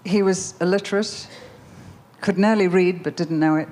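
Older woman giving a christian talk, low voice, animated and emphatic storytelling. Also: normal speed. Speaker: Christian speaker.

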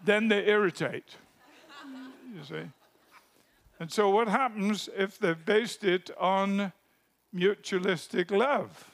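Slow, gravelly-voiced male preacher. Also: high-pitched, some chatter behind. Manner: storytelling, drops to a hush for anecdotes then rises with emphasis. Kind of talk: sermon.

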